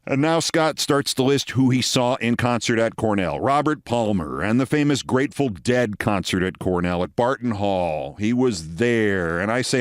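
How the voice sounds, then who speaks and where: Male host, wry dramatic storyteller, animated pitch, dry close sound. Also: normal speed, few pauses, no room sound. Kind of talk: storytelling commentary.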